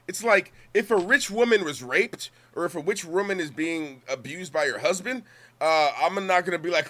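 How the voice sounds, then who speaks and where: A man's voice: on the high side, normal speed, a bit bright. A man streaming, talking through a clip in casual, profane commentary, rambling with repeated words and restarts. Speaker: streamer reacting to clips.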